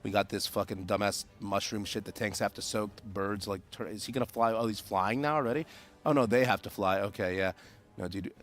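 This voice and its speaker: A man's voice: on the low side, fairly quick, soft background music. A man on a live stream, talking casually and loosely, joking and swearing. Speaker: co-caster.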